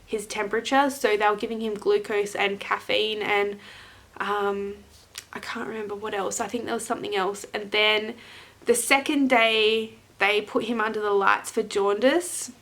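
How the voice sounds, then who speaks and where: Bright-voiced young woman telling a personal story. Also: mid-range voice, flat delivery, moderate pace. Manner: candid and chatty, frequent ums. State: emotional, close to tears at times. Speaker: vlogger.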